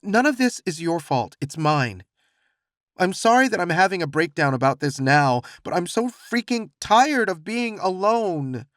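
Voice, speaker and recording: A heartbroken young man pours out his feelings in a tight, wavering voice that climbs high, barely holding back tears, as a male narrator acts him out. The delivery is lively and pleading, recorded close and dry. It sounds like a storybook romance scene. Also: normal speed, no echo. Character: anxious lovesick young gay man, near tears.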